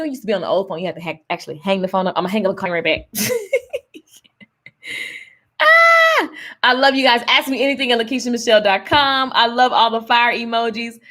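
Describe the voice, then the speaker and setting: A woman's voice: mid-range voice, a bit bright. A woman hosting a casual live stream from her phone, upbeat and chatty, hyping up her viewers and greeting commenters by name. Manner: chatty, with fillers and restarts. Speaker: online business coach hosting a live stream.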